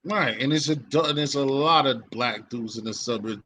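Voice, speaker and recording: A man's voice: medium pitch, normal speed, a little hiss or hum, rough recording. A man from hosting a casual chat, rambling in street slang with many restarts. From Boston. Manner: rambling, restarts, animated quoting. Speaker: podcast host.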